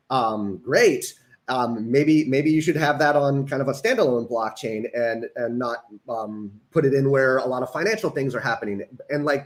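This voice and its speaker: Easygoing man explaining his project. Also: medium pitch. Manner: easygoing, explains with many ums. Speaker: engineering director and panel guest. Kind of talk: casual pitch on a panel.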